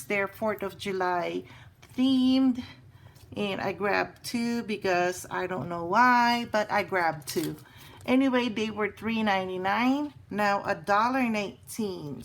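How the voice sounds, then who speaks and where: Woman from Hawaii, unhurried, chatty bargain-hunter tone, faint hiss behind. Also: mid-range voice. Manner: chatty, excited about bargains, many fillers. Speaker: crafting haul vlogger. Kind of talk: casual show-and-tell haul.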